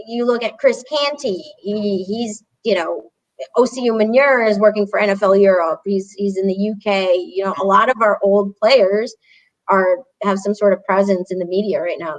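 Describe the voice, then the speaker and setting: A woman's voice: medium pitch, normal speed, low-quality recording. Blunt swearing woman fan. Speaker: podcast co-host. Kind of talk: casual sports chat.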